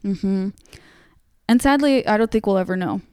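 A woman hosts a casual true-crime podcast, telling the story in a loose, conversational way with plenty of fillers. Her voice is smooth and resonant. The sound is dry and close, with no room echo. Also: medium pitch, moderate pace, mellow. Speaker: podcast host.

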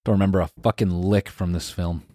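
A young man co-hosting a podcast in casual chat, laid-back and low-key with some profanity. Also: fairly even intonation, a little fast, dark tone, no room sound, clean studio sound. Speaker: podcast co-host.

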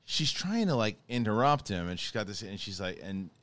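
A man's voice: on the low side, moderate pace, no echo. A man hosting a podcast, chatting casually and enthusiastically, often restarting his sentences. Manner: animated, enthusiastic, self-interrupting. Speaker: podcast host. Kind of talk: casual chat.

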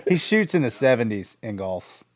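A man's voice: mid-range voice, very animated, normal speed. A man hosting a podcast, in a pumped-up, motivational way. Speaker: podcast host. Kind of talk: casual podcast chat.

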